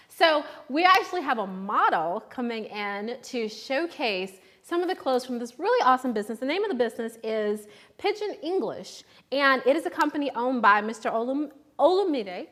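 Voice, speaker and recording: A woman's voice: on the high side, a bit bright. A young adult woman hosting a live shopping show, chatting casually and upbeat, often restarting her sentences.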